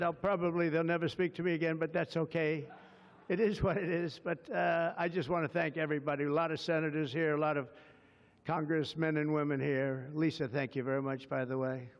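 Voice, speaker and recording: A man giving a public speech at a bill signing, rambling through off-the-cuff asides and praise. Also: high voice. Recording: long reverb, dull lo-fi sound.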